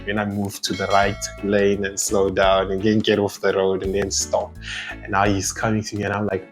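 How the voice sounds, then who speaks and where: Rambling young man, low voice. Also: moderate pace, faint music behind. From South Africa. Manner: rambling and animated, with asides and laughs. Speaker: vlogger. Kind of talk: casual chatty vlog.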